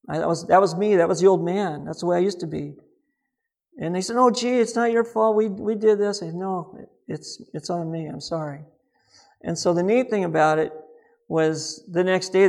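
A man with a somewhat high-pitched voice gives a relaxed, conversational sermon. He is middle-aged and earnest, mixing scripture with folksy personal storytelling and quiet asides. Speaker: speaker on Christian living.

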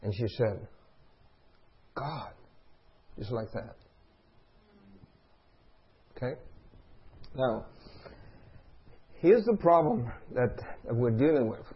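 A man's voice: medium pitch, normal speed, long pauses, breathy edge. A middle-aged male preacher giving a sermon, telling a story and asking the congregation call-and-response questions. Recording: dull lo-fi recording.

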